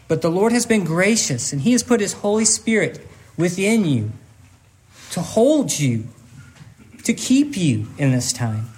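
Male pastor, earnest sermon delivery, high-pitched voice, halting with repeated words, emotional and close to tears. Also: very animated.

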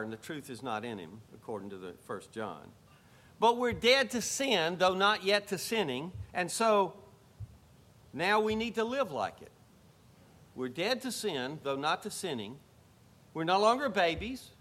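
Male pastor, sermon delivery, high bright tone, swings between loud emphasis and soft asides. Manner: emphatic preaching, rising to exclamations then dropping to low asides.

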